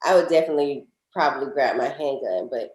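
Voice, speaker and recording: A woman from Georgia co-hosting a casual podcast, chatty and animated, laughing often. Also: rumbling low, quick pace, reverberant. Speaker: podcast co-host. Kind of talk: casual chat.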